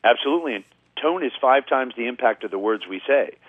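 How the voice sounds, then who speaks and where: A man's voice: medium pitch, fast talker, dry recording. A man, a guest communication trainer, explaining on a radio show and acting out quoted people in his stories. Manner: animated storyteller, acts out quoted people. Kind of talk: radio interview, explaining with anecdotes. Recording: tinny phone line, dry.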